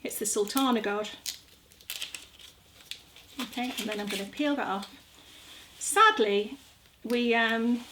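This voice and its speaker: A middle-aged woman chatting casually while demonstrating a recipe in her kitchen, joking about herself as she works. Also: a little high. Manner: chatty, self-mocking, talks while working. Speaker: gardening vlogger. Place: home kitchen. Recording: audible background noise.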